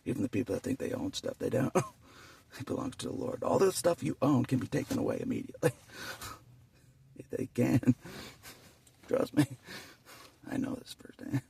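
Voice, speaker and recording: A man's voice: mid-range voice, huge pitch swings, normal speed, gravelly, pauses often, warm tone, recorded from a distance, slight background noise. A man vlogging in a rambling, casual monologue, chuckling often between phrases and repeating himself.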